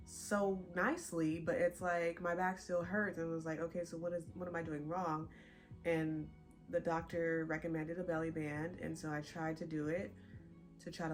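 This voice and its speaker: A young woman vlogger chatting casually to her viewers, a bit out of breath and animated. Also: fairly low pitch. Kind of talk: casual chat to camera.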